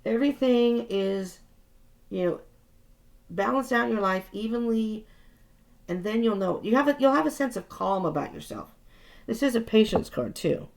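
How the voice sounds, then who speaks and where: Female tarot reader, gravelly voice, relaxed chatty reassuring delivery, casual vlog. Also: a little high, normal speed, pauses often. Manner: chatty, reassuring, with frequent restarts. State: tired.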